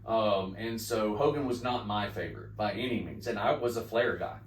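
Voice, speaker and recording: A man in his forties from the Midwest, co-hosting a chatty podcast and telling stories with lots of excitement, acting out what people said. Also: lowish voice, moderate pace, slight background noise. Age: 40s. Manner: excited storyteller, acts out quotes. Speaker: podcast co-host. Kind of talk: casual chat. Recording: echoey room, mic at a distance.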